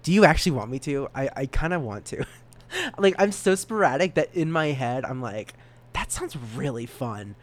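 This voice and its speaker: A man in his twenties hosting a solo podcast, rambling in a self-mocking way and often stumbling over and repeating words. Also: moderate pace. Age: 20s. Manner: animated jumps in pitch and volume. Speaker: podcast host.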